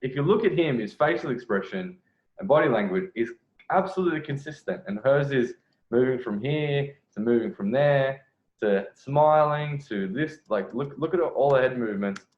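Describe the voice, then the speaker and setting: A man's voice: medium pitch, lively intonation, moderate pace. A man giving casual, blunt commentary on a video as a dating coach, swearing freely and restarting his phrases. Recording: echoey room, lo-fi sound.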